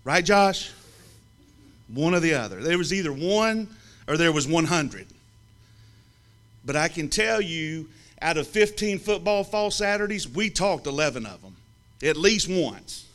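A man from the American South, telling a humorous story to an audience in a lively, teasing way with comic pauses. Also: on the high side. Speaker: speaker telling a story about a friend.

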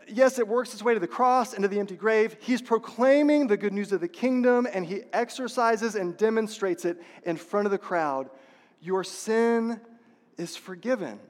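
A man preaching a sermon as a pastor, passionate and repetitive, asking the congregation rhetorical questions. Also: high voice. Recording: long reverb of a large hall.

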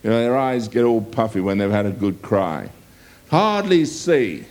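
A man preaches a sermon in a slow, deliberate way, reading scripture and then explaining it. His voice swings widely in pitch. He keeps turning to his listeners with drawn-out rhetorical questions. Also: very animated, darkish tone.

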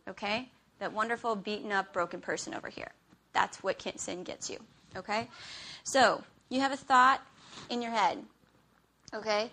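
A woman with a bright, forceful voice gives a chatty Bible teaching and speaks fairly high. She keeps checking in with her listeners with "okay?" and acts out little everyday scenes. She talks into a handheld mic. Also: a little hiss or hum.

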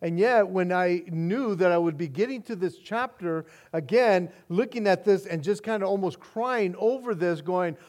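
Preaching earnestly at a moderate pace with few pauses, a male pastor whose voice sits high frequently restarts and repeats words. His sermon alternates between quiet and emphatic passages.

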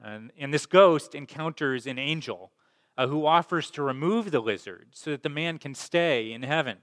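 A man's voice: a little high, normal speed, fairly bright tone. Male preacher in a reverberant hall. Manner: conversational, with fillers and repeated words. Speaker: pastor. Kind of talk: sermon.

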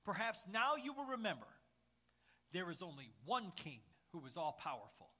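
A proud medieval king gives slow, booming commands, as a male preacher puts him on. The voice sits high and bright and swings widely. The recording is slightly muffled. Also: husky, full character voice. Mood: solemn. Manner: slow, loud royal commands.

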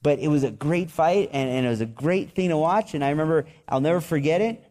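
Man preaching in a lively, conversational way. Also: a little high, a little fast. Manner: conversational preaching with restarts and repeated words; animated storytelling with excited outbursts. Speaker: pastor. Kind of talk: sermon.

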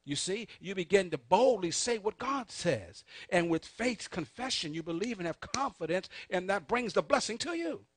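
A man preaching a sermon, calling on the congregation to answer back, swinging between soft asides and loud emphatic peaks. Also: sits high, lively intonation, moderate pace, hardly any pauses, no room sound. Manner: call-and-response preaching, urging the congregation. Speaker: pastor.

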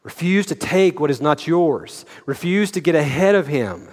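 A man's voice: a little high, expressive, normal speed, darkish tone. A middle-aged male pastor preaching an earnest sermon, repeating words and asking the congregation direct questions. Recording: long hall reverb.

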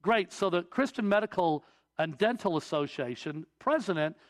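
A man's voice: high-pitched, animated, moderate pace. A man in his forties preaching a sermon, telling stories and pressing his points with emphatic, preacherly build-ups. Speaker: pastor.

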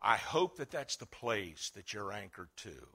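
A middle-aged man preaching a sermon, swinging between loud fervent cries and quiet earnest talk. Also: fairly low pitch, very animated, unhurried, creaky. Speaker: pastor.

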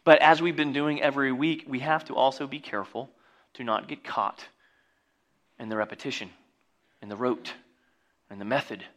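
A man preaching a sermon, reading scripture and breaking into jokey asides and loud exclamations. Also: medium pitch, fairly even intonation, moderate pace, pauses often. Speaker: pastor.

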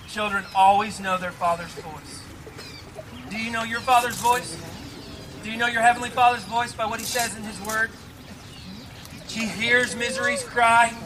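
A man's voice: extremely high pitch, noisy background. A man preaching a sermon outdoors at a church service, with an earnest, repetitive cadence, leading into a closing prayer. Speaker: pastor.

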